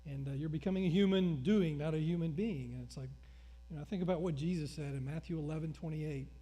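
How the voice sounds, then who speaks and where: A middle-aged male pastor preaching a sermon, telling stories with acted-out dialogue in an animated way. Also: a little high, fast.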